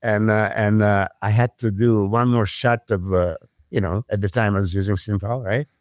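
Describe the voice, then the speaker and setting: A man, a podcast guest telling stories in casual chat, animated, swearing freely and acting out what others said. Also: on the low side, moderate pace, dry recording, studio quality. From Serbia. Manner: animated storyteller who swears freely and acts out quotes. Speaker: podcast guest, former pro bodybuilder.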